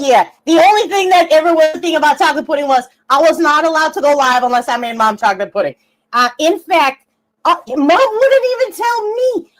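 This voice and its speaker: Swearing, laughing and sarcastic, a young livestream host rants and mocks with brash energy. She speaks in a high voice over poor audio.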